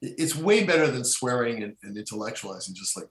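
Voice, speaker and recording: A man's voice: medium pitch, sing-song, fast, fairly bright tone. A middle-aged man talking casually as a podcast guest, rambling with many restarts and fillers. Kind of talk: casual conversation. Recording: echoey room.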